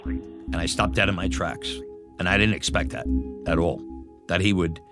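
A middle-aged man recounting an old memory in an interview, animated and acting out the voices of others. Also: low voice, moderate pace, over music. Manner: animated, acts out quoted voices. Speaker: former batboy interviewee. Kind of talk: storytelling interview.

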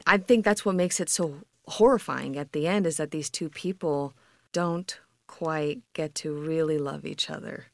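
Female actor guest, deep and creaky, reflective and sincere, dry close mic. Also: normal speed, no room sound. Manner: soft, earnest, reflective, casual fillers. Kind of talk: interview answers.

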